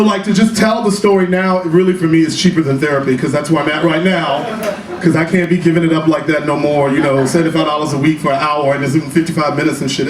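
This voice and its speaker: Sassy high-voiced man doing stand-up. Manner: sassy, profane storytelling with quick asides. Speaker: stand-up comedian. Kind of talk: one-man comedy show. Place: small cabaret club stage. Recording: roomy live club recording from a distance, audience noise. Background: audience laughter.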